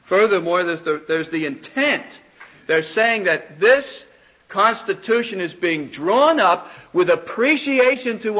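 A man teaching a church congregation, speaking deliberately, restarting phrases and putting questions to his listeners, on a dull lo-fi recording. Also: high-pitched, sharp tone. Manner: deliberate, repeats words, questions the audience. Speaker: pastor teaching a church class.

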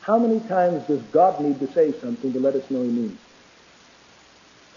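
A man preaching a sermon with emphatic delivery that swings between loud, rising peaks and quiet, low passages, sometimes reading quotations aloud. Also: lively intonation, unhurried. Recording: dull lo-fi recording.

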